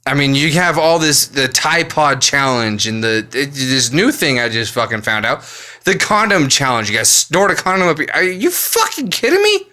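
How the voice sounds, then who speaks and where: Speaking at a moderate pace in a mid-range voice, this man has lively intonation and a pushed, bright quality. He's an adult vlogger with a full-time job, angrily ranting to camera, exasperated and blunt, cursing nonstop throughout his profane monologue.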